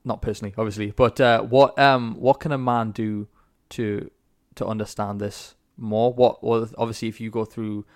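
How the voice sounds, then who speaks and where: A man's voice: fairly low pitch, moderate pace, hardly any pauses. Laid-back male podcast host. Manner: relaxed, rambling questions with fillers, swears casually. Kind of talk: casual interview.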